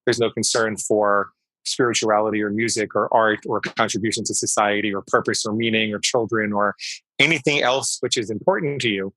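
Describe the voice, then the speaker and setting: A psychologist in his fifties appears as an interview guest, telling stories conversationally and explaining points emphatically while repeating key phrases. His lowish voice is sharp, fairly even in intonation and a little fast. The low-quality recording has no room sound.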